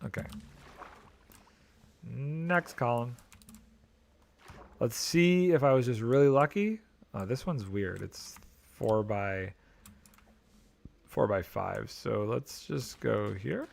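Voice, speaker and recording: Gravelly man musing through a game stream. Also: mid-range voice, slow, pauses often. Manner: musing aloud, mildly exasperated, joking. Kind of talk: casual gameplay commentary.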